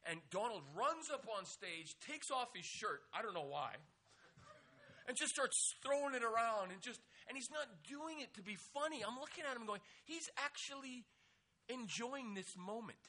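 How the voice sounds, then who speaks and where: A middle-aged man giving a humorous sermon, telling lively stories with loose fillers and restarts. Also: very high voice, moderate pace. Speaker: pastor.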